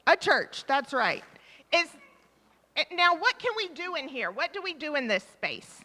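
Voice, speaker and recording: A woman with a high, bright, very animated voice leads a children's talk in church. She speaks slowly and encouragingly, asking questions and echoing the children's answers. The sound carries with a long reverb off the church hall. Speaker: leader of a children's time in a church service. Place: church sanctuary. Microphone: microphone.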